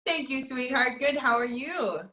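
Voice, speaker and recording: A woman's voice: high voice, normal speed, sharp tone, echoey room. A woman, an opera soprano, chatting casually in an interview over a video call, laughing often and restarting her sentences. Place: apartment.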